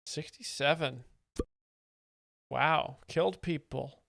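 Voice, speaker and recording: A man giving satirical live stream commentary on clips, rambling with deadpan mock seriousness. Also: mid-range voice, normal speed, smooth, no room sound, clean studio sound. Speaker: comedic streamer reacting to clips.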